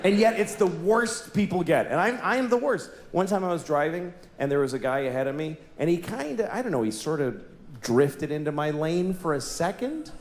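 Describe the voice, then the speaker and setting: A man performing stand-up, ranting at himself and breaking into shouts. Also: a little high, lively intonation, brisk. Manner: self-mocking rant, bursting into shouts. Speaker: stand-up comedian. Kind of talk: stand-up comedy routine. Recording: echoey live room with noise.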